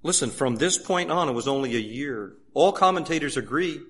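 A man preaching a sermon emphatically, asking many rhetorical questions and swinging from loud urging to hushed asides. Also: medium pitch, animated, fairly quick, slightly rough.

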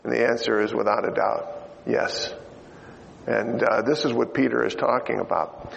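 A man's voice: medium pitch, fairly even intonation, moderate pace, vocal fry, slight background noise. An older man preaching a sermon in a chatty, joking way, with many fillers. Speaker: pastor. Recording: dull lo-fi sound in a reverberant hall.

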